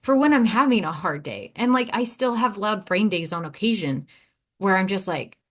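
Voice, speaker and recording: A woman talking solo on her podcast as a coach, chatty and unscripted. She rambles, cuts herself off and circles back, repeating words as she goes. Her pitch sits in an ordinary middle range for a woman. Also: lively intonation, moderate pace. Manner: rambling, self-interrupting, repeats words, laughs easily. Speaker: podcast host and ADHD coach. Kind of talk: casual solo podcast monologue.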